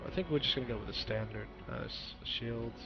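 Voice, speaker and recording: A man casually commenting on his video game stream as he makes choices, thinking aloud and correcting himself along the way. His voice sits at an ordinary mid pitch. The audio is dull and lo-fi, with game music clearly playing behind. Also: a little fast. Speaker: gaming streamer.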